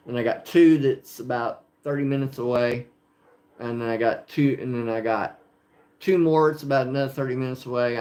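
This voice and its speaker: A man from Oklahoma with a rural country accent, chatting casually with livestream viewers and rambling with lots of fillers. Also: medium pitch. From Oklahoma, USA. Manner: rambling, filler-heavy, talking to chat viewers. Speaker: slot machine livestreamer.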